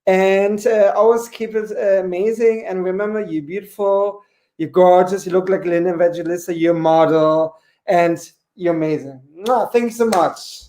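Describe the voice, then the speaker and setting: A man's voice: high voice, fairly even intonation, moderate pace, dark tone. A man in his forties doing a campy, chatty stand-up comedy set online, peppering his talk with "you know". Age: 40s. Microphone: home webcam mic.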